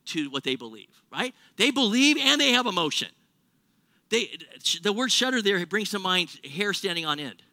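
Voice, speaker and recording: A man preaches to his congregation in an animated, chatty style, slipping into sarcastic acted-out quotes. His voice sits high and rings very bright. The sound is dry and close, with no room echo. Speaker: pastor. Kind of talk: sermon.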